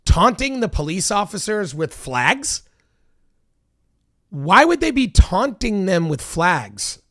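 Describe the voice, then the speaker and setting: A man's voice: high voice, sing-song, takes it slowly, sharp tone, no echo, clean studio sound. Exasperated man ranting over video clips. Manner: exasperated, heated, swears often. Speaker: commentator reacting to video clips. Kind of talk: casual political commentary. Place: Los Angeles.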